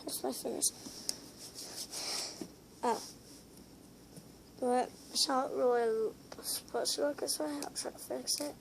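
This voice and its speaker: High-voiced woman rambling through a craft tutorial. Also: steady tone, slow, vocal fry, long pauses, a little hiss or hum, rough recording. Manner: rambling, hesitant step-by-step instructions with whispered asides. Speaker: tutorial maker.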